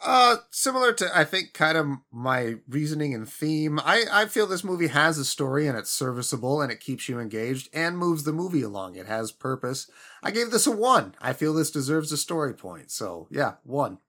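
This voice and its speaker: Male podcast co-host, bright, forceful tone, upbeat review chat. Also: fairly high pitch, sing-song, normal speed. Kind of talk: casual film-review chat.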